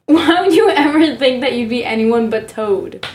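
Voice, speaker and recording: Female radio DJ, teasing and giggly; slightly high voice. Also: a little hiss or hum. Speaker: radio co-host and DJ. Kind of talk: casual radio banter.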